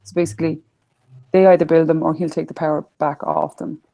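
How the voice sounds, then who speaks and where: A woman's voice: deep voice, little pitch movement, a little fast, creaky, dark tone. An Irish woman on a panel show, reading out newspaper stories in a reassuring, casual way. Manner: reassuring, reads out articles. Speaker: panelist reviewing the papers, on a video call.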